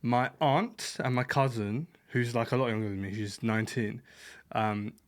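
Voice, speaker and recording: A man's voice: mid-range voice, steady tone, normal speed. A young man co-hosting a comedy podcast, chatting casually and laughing at his own jokes. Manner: laid-back, chuckling, joking. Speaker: podcast co-host.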